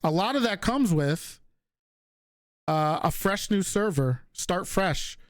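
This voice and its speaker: A man's voice: sits high, lively intonation, takes it slowly, no room sound, studio quality. A man from the Northeastern US with a slight regional accent, chatting casually with stream viewers, reading out their questions and answering offhandedly with casual swearing. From Northeastern United States.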